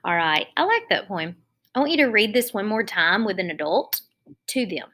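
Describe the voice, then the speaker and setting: A woman teaching a phonics lesson to young children, explaining each step slowly and patiently. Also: mid-range voice, big pitch swings, fairly bright tone.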